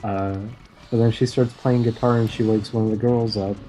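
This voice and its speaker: A man co-hosting a casual podcast, recapping cartoon plots in a sarcastic, deadpan way. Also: on the low side, normal speed, faint music behind, low-quality recording. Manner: sarcastic, deadpan recounting of plot. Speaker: podcast co-host.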